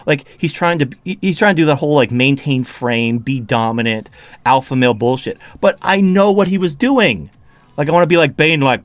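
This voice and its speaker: Heated, profane man, fairly high voice. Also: lively intonation, a little fast, dry recording. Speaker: podcast host. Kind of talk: casual ranting chat.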